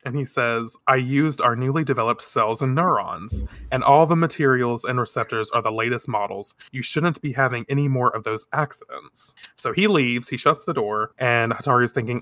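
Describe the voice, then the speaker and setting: A man with a bright, forceful tone tells the story on a podcast, animated and expressive. He slips in quick character lines as he goes. The sound is close and dry, with no room around it. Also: medium pitch, dry recording. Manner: animated storytelling, briefly quoting characters, gets emotional and laughs. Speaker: podcast co-host recapping an anime. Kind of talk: casual podcast recap.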